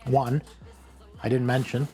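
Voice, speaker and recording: A man hosting a casual cooking vlog from a home kitchen, rambling and joking at his own expense, with sudden excited bursts. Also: medium pitch, a little slow, over music. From Canada.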